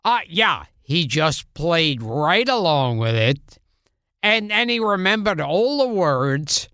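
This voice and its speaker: Bright slow-talking woman co-host. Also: low-pitched, big pitch swings, no room sound, clean studio sound. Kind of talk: casual chat.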